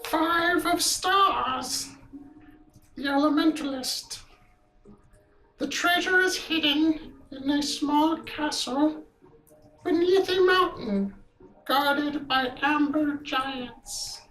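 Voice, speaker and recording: A woman voicing a solemn old female fortune-teller who reads cards in a slow, grave, portentous way. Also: high-pitched, a bit bright, reverberant, heavily acted, low-quality recording.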